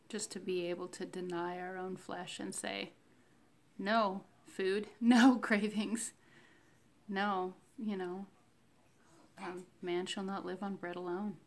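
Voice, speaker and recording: A woman talking slowly and reflectively in a casual faith diary, with many fillers and pauses. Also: lowish voice, creaky. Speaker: vlogger sharing a fasting diary.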